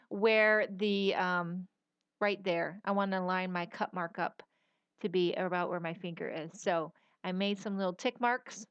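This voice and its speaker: A woman's voice: mid-range voice, moderate pace, clear, resonant tone, no room sound. A middle-aged woman hosting a casual papercraft tutorial, chatty and folksy, rambling with fillers as she works. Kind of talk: casual crafting tutorial voice-over.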